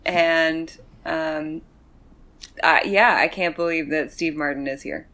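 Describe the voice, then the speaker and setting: A woman's voice: deep voice, slow, bright, forceful tone. A woman playing in a tabletop game, easygoing and laughing in casual chat. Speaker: player.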